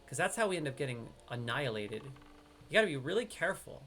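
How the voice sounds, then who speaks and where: Playing an online game alongside a teammate, a man from upstate New York streams live with excitable, slangy chatter. His voice sits in the mid range at a moderate pace, with a little hiss or hum on the recording.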